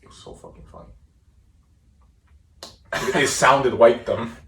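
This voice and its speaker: Young male co-host, relaxed and expressive; echoey room, distant mic. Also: mid-range voice, unhurried, vocal fry. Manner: laid-back, swearing, easily amused. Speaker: podcast co-host and editor. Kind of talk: casual chat. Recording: roomy room, mic at a distance, faint noise.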